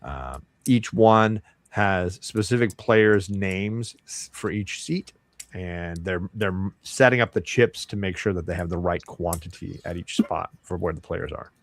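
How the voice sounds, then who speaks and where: A man narrating as dungeon master in a relaxed, rambling way with many fillers. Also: low voice, unhurried, dry recording. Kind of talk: narrating a tabletop game.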